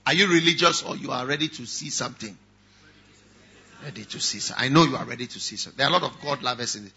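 A man preaching a sermon as pastor, moving from quiet talk to shouting, and mocking critics in whiny voices. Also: mid-range voice, fast, vocal fry, breathy edge. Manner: mocks objectors in whiny voices. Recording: dull lo-fi sound.

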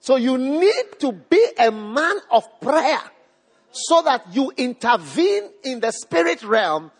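Slow and breathy, a man's very high voice rises and falls dramatically as he preaches a live sermon. He's emphatic, repeating phrases and asking the congregation questions in a church hall with long reverb.

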